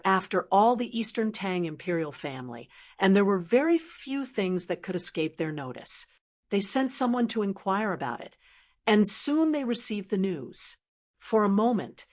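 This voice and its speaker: A woman narrating a fantasy audiobook in a steady, even reading voice. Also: medium pitch. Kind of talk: scripted narration.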